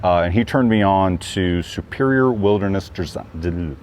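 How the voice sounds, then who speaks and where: A man's voice: low-pitched, unhurried, darkish tone, slight background noise. A man being interviewed about a trip, talking casually and rambling with lots of fillers and restarts. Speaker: guest hiker. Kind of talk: casual chat.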